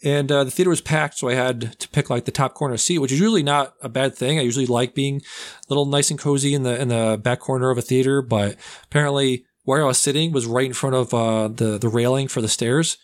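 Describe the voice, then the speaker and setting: Young man, casual podcast host, mid-pitched voice, rambling, jokey. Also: steady tone, quick pace. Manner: rambling, with loud comic put-on accents. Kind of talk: casual movie review chat.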